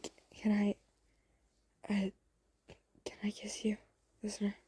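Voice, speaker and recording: Woman doing a lovestruck teen boy, soft, halting, very mellow tone, husky edge. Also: mid-range voice. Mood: shy. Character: smitten teenage boy, tender and earnest.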